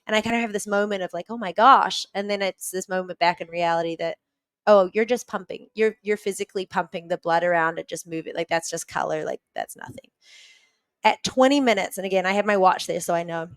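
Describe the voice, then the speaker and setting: A New Zealand woman with a lowish voice, recorded without echo, is a guest on a podcast. She earnestly retells a personal story, often restarting her sentences quickly.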